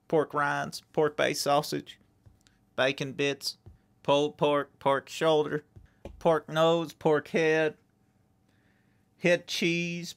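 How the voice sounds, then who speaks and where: Folksy boastful fireworks seller, played by a man, high-ish bright voice, rambling sales pitch. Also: creaky, smooth, exaggerated voice. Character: boastful small-town fireworks seller, pork-loving hick. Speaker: guest. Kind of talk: improvised comedy podcast character.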